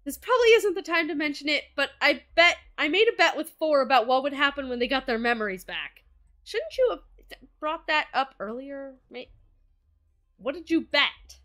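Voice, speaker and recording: A young woman streaming a game, reading its dialogue aloud and reacting with excitable, profane outbursts. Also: sits high, normal speed, faint music behind.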